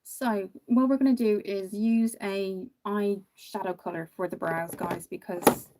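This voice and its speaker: A woman with a medium-pitched, fairly even, unhurried voice chats casually on a makeup livestream, reading out viewers' comments. She's from Ireland, with a mixed accent that isn't tied to one county and has some American in it. Tired after one hour of sleep, she comes across as chatty and sympathetic, quietly trailing off mid-thought.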